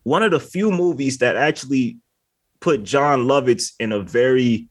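A man's voice: mid-range voice, normal speed, husky. A man co-hosting a casual podcast chat, rambling and filling his talk with "like" while laughing often. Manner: rambling, heavy on filler words, laughs often. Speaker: podcast co-host.

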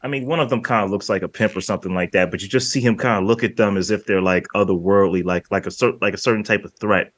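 Low-voiced man chatting about movies. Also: fast talker, few pauses, a bit bright, no echo, studio quality. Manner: rambling, acts out movie lines in quoted voices. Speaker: podcast co-host. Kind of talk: casual film discussion.

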